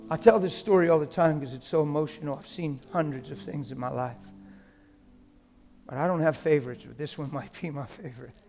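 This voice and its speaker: A man preaching a sermon, dropping to hushed whispers and rising to loud, emotional exclamations. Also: fairly high pitch, fairly quick. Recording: long hall reverb with faint music.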